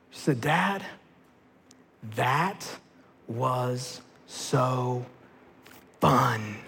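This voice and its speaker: High-voiced pastor preaching in a reverberant hall. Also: male voice. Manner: storytelling, then repeated rallying calls. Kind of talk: sermon. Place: church sanctuary.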